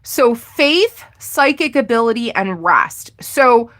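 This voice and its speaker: A woman's voice: a little high, lively intonation, takes it slowly, a bit bright, slight background noise. A woman giving a casual live tarot reading, chatty and giggly, exclaiming often as she talks. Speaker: tarot reader.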